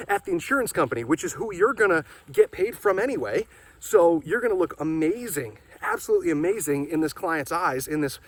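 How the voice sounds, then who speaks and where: Chatty man pitching while walking outdoors. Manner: chatty, keeps checking in with the listener. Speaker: marketing agency owner. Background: wind and passing traffic.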